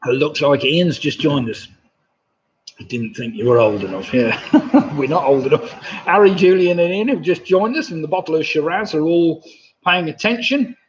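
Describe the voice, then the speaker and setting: A man's voice: on the high side, moderate pace, a little hiss or hum. A man in his sixties from England hosting a live-streamed pub quiz, chatty and reading out viewers' messages with a laugh. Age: 60s. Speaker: quiz host. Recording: dull lo-fi home stream audio.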